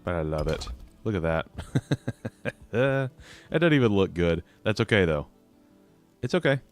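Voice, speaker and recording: A man's voice: on the low side, sing-song, measured pace, soft background music. A young man chatting his way through a live game stream, laughing and mocking his own mistakes.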